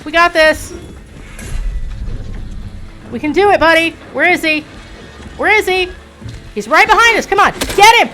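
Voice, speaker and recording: A woman with a high, bright voice commenting on her own gameplay. She barks frantic commands and curses at her character during fights, then drops into rueful self-mocking chatter. Faint game music plays underneath. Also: a little slow, pauses often. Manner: yells frantic instructions at the character, swears a lot; calmer, rueful self-deprecating talk between fights.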